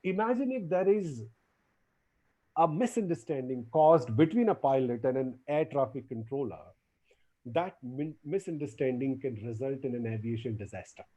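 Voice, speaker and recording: A man giving an academic lecture as guest lecturer, animated, often repeating his words and acting out quotes. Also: mid-range voice, normal speed, rough recording.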